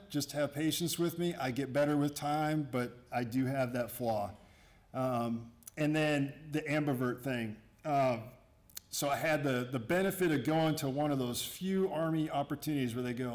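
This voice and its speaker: A man's voice: on the high side, moderate pace. Joking middle-aged man addressing his staff. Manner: joking and sarcastic; conversational, with frequent asides and restarts. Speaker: Army garrison commander addressing staff. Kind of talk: informal introductory talk to a workforce. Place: room with an audience.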